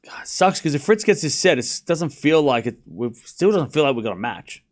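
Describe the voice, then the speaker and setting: Lively man doing mock outrage. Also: a little high, moderate pace. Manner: playful mock outrage while reading viewer messages. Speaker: streamer calling a tennis match. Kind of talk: live watchalong commentary and chat banter.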